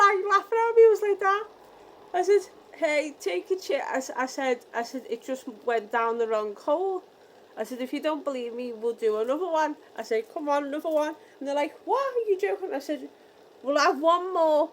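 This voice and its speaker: A woman's voice: on the high side, slight background noise, low-quality recording. Chatty British woman vlogger. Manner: animated, re-enacting dialogue. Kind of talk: casual storytelling.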